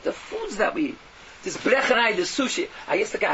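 A man giving a fiery sermon, mocking and animated, swinging from loud outbursts to hushed asides, on a dull lo-fi recording. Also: extremely high pitch, a little fast, crowd noise. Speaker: preacher. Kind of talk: fiery Yiddish-laced sermon. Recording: dull lo-fi recording with faint noise.

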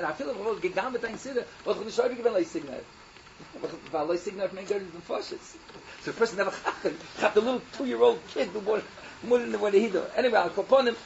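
Male Torah teacher, high and animated, dull lo-fi sound: storyteller who acts out his quotes. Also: a little hiss or hum. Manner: lively, acts out quoted speakers, laughs while telling. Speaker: Torah teacher telling rebbe stories. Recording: dull lo-fi recording.

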